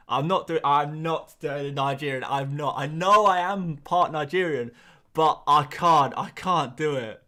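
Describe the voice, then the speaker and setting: A man's voice: on the high side, bright, forceful tone. A man, hosting a live stream and chatting casually through viewer comments in a rambling, talkative way. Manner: chatty, rambling, quick asides and laughs. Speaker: fantasy football livestream host.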